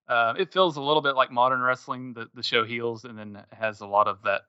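A man's voice: medium pitch, steady tone, brisk, pushed and bright, clean tone, no echo. A man co-hosting a casual geek podcast, rambling with frequent fillers and laughs. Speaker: podcast co-host. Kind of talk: casual chat. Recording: slightly dull lo-fi sound.

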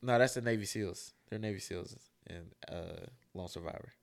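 A young adult man co-hosting a casual podcast, swearing freely and getting loud and worked up. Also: low-pitched, normal speed, vocal fry. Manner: loose, profane, gets loud and worked up. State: sleepy from drinking. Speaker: podcast co-host.

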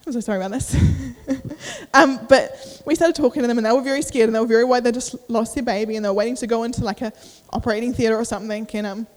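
A young woman with a bright, high voice preaches a sermon. She talks casually and with feeling, full of fillers and restarts, and her voice rings in a long reverb. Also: fairly even intonation, very fast, few pauses. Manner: casual, emotional, uses many fillers. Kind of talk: sermon with personal story.

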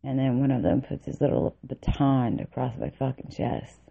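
A woman's voice: very deep voice, steady tone, normal speed, creaky, mellow. A woman telling an angry, profane story about army training, with bitter laughs. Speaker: vlogger recounting army training. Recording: tinny phone-like recording.

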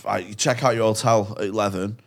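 A man's voice: on the low side, steady tone, a little fast, gravelly. A man from England co-hosting a podcast, playful and rambling with jokey ideas. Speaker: podcast co-host. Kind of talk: casual podcast banter.

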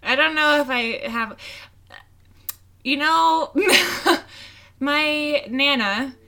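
A woman co-hosting a casual podcast, reacting quickly and laughing a lot. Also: sits high, creaky, bright, forceful tone. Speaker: podcast co-host. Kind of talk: casual chat.

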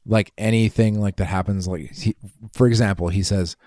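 A man's voice: lowish voice, fairly even intonation, moderate pace, warm tone, dry recording, clean studio sound. A man co-hosting a casual podcast chat, teasing and joking with frequent swearing. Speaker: podcast co-host.

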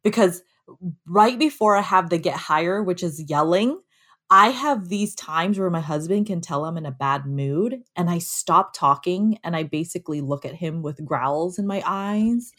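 A woman in a relaxed, frank conversation about her own moods. She tells stories with lively asides and talks easily about her own life. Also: lowish voice, normal speed. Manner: candid, animated storytelling. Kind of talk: casual conversation about anger.

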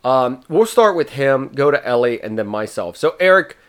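A man's voice: medium pitch, lively intonation, normal speed, fairly bright tone, clean tone. Joking man hosting a casual chat. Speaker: podcast host.

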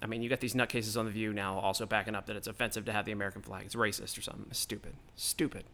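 A man's voice: fairly low pitch, little pitch movement, racing, creaky, bright, forceful tone, slight background noise. A man hosting his own podcast, delivering a heated, profane, rambling political rant straight into the mic. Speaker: podcast host.

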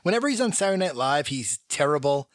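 A man co-hosting a casual movie podcast, animated and quick to laugh as he lists films. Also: fairly high pitch, no room sound, clean studio sound. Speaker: podcast co-host.

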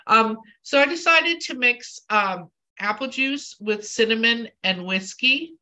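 Woman host, casual and self-mocking, fighting a cold; bright, forceful tone. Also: fairly high pitch, lively intonation, a little slow. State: has a cold, husky voice. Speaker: podcast host. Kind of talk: casual chat.

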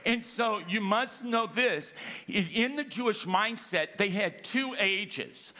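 Male pastor, high forceful voice, emphatic preaching, reverberant sanctuary sound. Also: animated, slow. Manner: emphatic preaching, calls for congregation response. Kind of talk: sermon. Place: church sanctuary. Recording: long reverb of a large hall.

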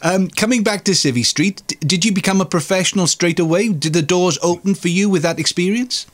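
A man's voice: sits high, brisk. A male radio presenter asking a guest curious questions in a chat show.

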